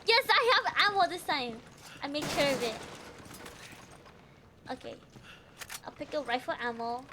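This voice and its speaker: Giggly high-voiced woman streaming a game. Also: very animated, unhurried, noisy background. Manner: chatty and rambling, giggly, talks to herself while playing. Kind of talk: casual gameplay commentary.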